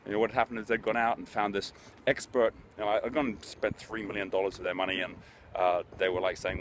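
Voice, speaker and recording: A man's voice: lowish voice, little pitch movement, fast talker, background noise. A middle-aged man hosting a motivational business talk, telling stories in an earnest, conversational way. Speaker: host, business speaker.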